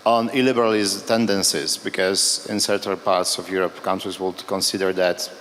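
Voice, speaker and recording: A man's voice: deep voice, steady tone, normal speed, fairly bright tone. A man from Poland who asks a panel a question, searching for his words and listing points one after another, in a conference hall. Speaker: audience member asking a question. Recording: echoey hall with faint background noise.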